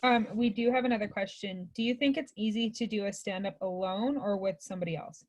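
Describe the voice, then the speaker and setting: A woman's voice: medium pitch, steady tone, brisk. A woman student moderator relaying audience questions to a guest speaker in a friendly way.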